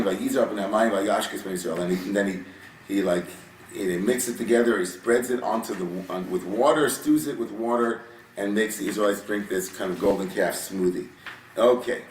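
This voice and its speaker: A man giving a Torah study sermon, reading Hebrew verses and then explaining them in animated, casual English. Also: on the low side, slight background noise. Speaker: rabbi teaching Torah. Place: synagogue sanctuary. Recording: roomy sound from a distance with faint ambience.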